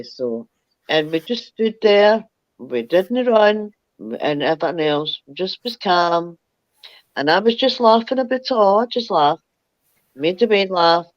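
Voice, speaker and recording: A woman's voice: low-pitched, no echo, dull audio. An older woman, telling a rambling, chatty ghost story as a guest. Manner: rambling, chatty, laughs through her story. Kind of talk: casual storytelling.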